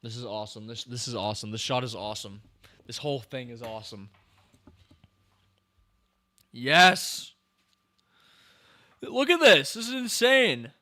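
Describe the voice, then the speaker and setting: A young man with a bright, forceful voice gives casual running commentary on a film he is watching. He is excitable and keeps exclaiming and talking back at the screen. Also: medium pitch, a little fast. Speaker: podcast host. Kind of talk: casual movie reaction commentary.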